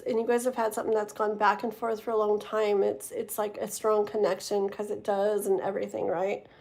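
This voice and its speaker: A woman's voice: medium pitch, creaky, a little mellow. A woman doing a live-stream tarot reading, talking straight to the viewer, rambling and stumbling over her words. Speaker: tarot reader.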